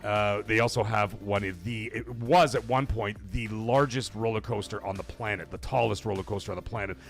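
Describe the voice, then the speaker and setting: A middle-aged man from Canada hosting a live gaming stream, telling stories in a rambling way, cursing freely and getting loud when he is excited. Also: fairly low pitch, fairly quick, soft background music. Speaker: livestream host. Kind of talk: casual live-stream chat.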